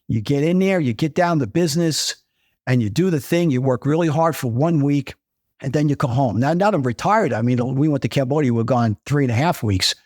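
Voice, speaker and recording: A man's voice: medium pitch, a little fast, a little mellow, no room sound, clean studio sound. An older man, a retired dentist and podcast guest, who tells stories with energy, repeats his key points and acts out what people said. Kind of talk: conversational interview storytelling.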